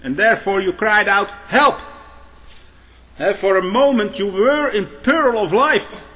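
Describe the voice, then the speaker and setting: A man's voice: high voice, sharp tone. Man preaching in a long-echo hall. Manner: frequent "eh?" tag questions, halting restarts. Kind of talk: sermon with illustrations.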